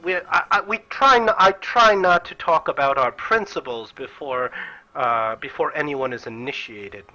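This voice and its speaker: A man's voice: fairly high pitch, normal speed, pushed and bright, lo-fi sound. A man voicing an earnest, secretive female priestess in a tabletop game, with a lilting voice that rises on exclamations.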